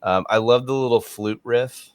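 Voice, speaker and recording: A man's voice: medium pitch, normal speed, smooth, no room sound, studio quality. A man hosting a podcast, chatting casually about an old movie, laughing often and making jokey asides. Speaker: podcast host.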